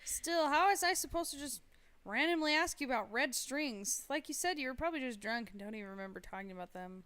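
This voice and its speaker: A woman's voice: sits high, lively intonation, fairly quick, a bit bright, clean tone. A woman doing a live reading as a curious, teasing young woman who laughs between lines. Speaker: voice actor reading a character. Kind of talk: live reading of a written story.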